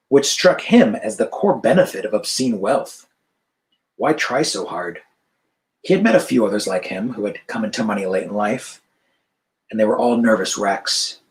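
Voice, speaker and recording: A man's voice: on the low side, poor audio. Man reading his novel aloud. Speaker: author. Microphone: video call.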